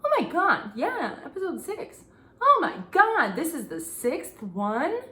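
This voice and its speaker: A woman's voice: high voice, measured pace. Young woman host, casual comedic monologue with profanity, recorded in a roomy, echoey space. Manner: animated and joking, swearing, with asides and whispered gags. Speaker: recap show host.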